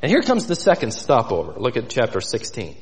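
A man's voice: medium pitch, wildly swooping pitch, a little fast, long reverb tail. A man preaching an expository sermon, vividly retelling scripture scenes and inviting listeners to imagine themselves there.

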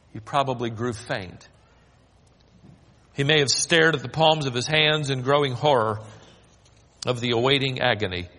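A man preaching a sermon, telling stories with dramatic swings from loud to hushed. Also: mid-range voice. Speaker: pastor. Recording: long reverb of a large hall.

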